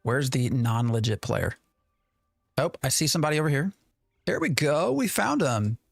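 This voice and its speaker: A man's voice: medium pitch, sing-song, moderate pace, creaky, no room sound, clean studio sound, faint music behind. A man streaming a game live, rambling in an exasperated way and talking to his chat. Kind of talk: live gameplay commentary.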